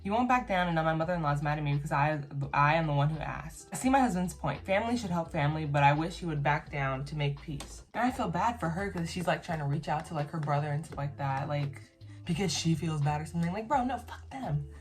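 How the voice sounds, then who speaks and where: A woman with a slightly low voice reads posts aloud and reacts to them in a relaxed, unfiltered way. She is blunt, swears freely, and breaks into her own commentary between lines. Faint music plays in the background. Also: fast talker. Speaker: YouTuber reacting to online posts.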